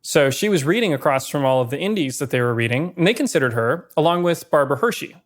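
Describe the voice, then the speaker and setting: A man co-hosting a podcast, briskly running through film production trivia with dry asides. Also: on the high side, animated. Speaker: podcast co-host. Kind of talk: casual film-history chat.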